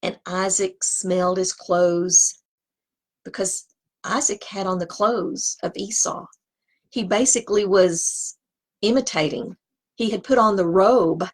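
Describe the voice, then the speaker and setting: A woman's voice: on the low side, vocal fry, husky. A woman teaching scripture, reading the text aloud and breaking off into conversational asides. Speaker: Bible teacher.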